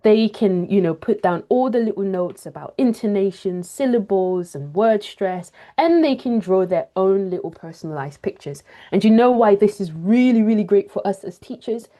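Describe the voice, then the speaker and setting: A woman speaking over a video call as she leads a teaching webinar. She sounds upbeat and walks through each step with clear examples. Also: mid-range voice, animated, moderate pace, hardly any pauses, mellow. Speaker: teacher trainer. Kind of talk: webinar presentation.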